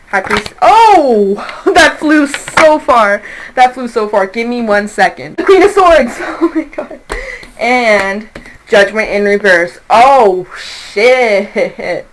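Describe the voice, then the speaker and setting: A young woman reads tarot cards in a loose, chatty way. She swears freely and throws in lively quoted voices. Her pitch sits in an ordinary middle range. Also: background noise. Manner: animated, profane, acts out quoted voices. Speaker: tarot reader. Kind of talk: casual tarot reading.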